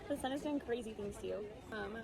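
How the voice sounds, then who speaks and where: Excited young woman vlogging amid loud crowds. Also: on the high side, creaky, heavy background noise. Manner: excited, fast chatter. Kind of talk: vlog filmed on the go. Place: theme park outdoors. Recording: loud crowd at outdoor theme park.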